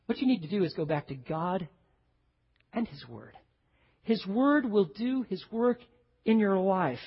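Pastor guy preaching, husky voice, big echoey church hall, kinda muffled audio. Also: high-pitched, normal speed. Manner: animated preaching, acts out quoted voices, asks the audience questions. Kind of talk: sermon. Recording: dull sound with long hall reverb.

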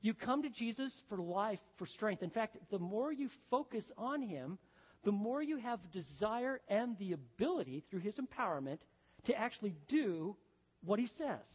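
Man preaching a lively sermon in a hall. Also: high voice, moderate pace, slightly rough. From Texas. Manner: lively storytelling, folksy asides, swings from loud to hushed. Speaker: pastor. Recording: dull, echoey hall recording.

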